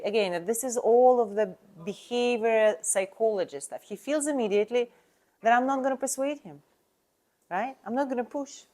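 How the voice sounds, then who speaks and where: A woman's voice: on the high side, dark tone. A woman coaching real estate agents on sales talk, speaking emphatically in non-native English and asking the listener rhetorical questions.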